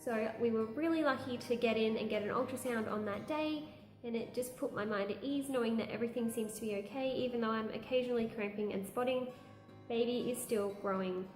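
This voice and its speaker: A woman's voice: a little high, a little fast, darkish tone, roomy sound, faint music behind. A young woman, chatting candidly through a pregnancy update vlog and laughing now and then. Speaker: vlogger. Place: room at home.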